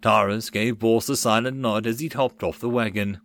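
A man narrating a web novel audiobook in a lively, expressive way. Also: on the low side, normal speed.

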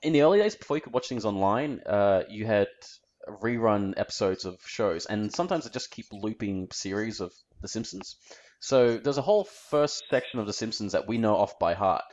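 A man's voice: lowish voice, normal speed, a little mellow, dull audio. An Australian man chatting casually as a podcast co-host, rambling easily and searching for his words. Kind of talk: casual chat.

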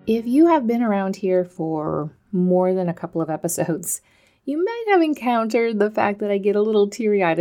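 A woman's voice: on the low side, mellow. A woman in her forties hosting a podcast, talking candidly in a chatty, self-deprecating way with frequent laughs. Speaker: podcast host. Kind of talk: candid personal monologue.

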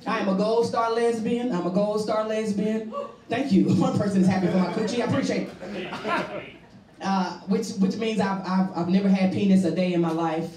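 A woman's voice: medium pitch, steady tone, moderate pace, recorded from a distance. A woman performing a stand-up comedy set on a club stage, brash and bawdy, repeating her punchlines for effect. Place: comedy club stage before a live audience. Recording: roomy live recording from off-mic, loud audience laughter.

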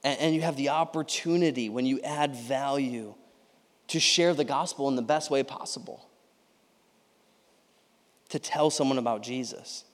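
A young male pastor delivers a lively, conversational sermon and keeps checking in with his listeners. His voice sits at an ordinary middle pitch. A long reverb tail from a large sanctuary hangs after his phrases. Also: normal speed, pauses often. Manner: energetic, conversational, lots of "you know what I mean, right?". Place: church sanctuary.

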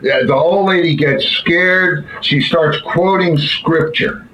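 A man's voice: on the high side, slow. A man hosting a casual chat, telling jokes in a folksy, rambling way with restarts. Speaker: podcast host. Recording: slightly dull lo-fi audio with faint noise.

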